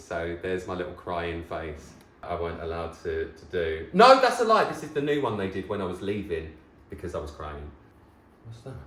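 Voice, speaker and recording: A man, chatting casually to camera in an excitable, nostalgic way. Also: low voice, reverberant, low-quality recording. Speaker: vlogger host. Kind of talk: casual chat.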